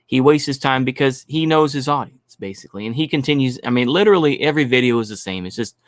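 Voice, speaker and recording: A man's voice: medium pitch, expressive, fast, no echo, clean studio sound. A man hosting a stream, ranting bluntly and profanely in commentary, repeating his points. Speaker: stream host.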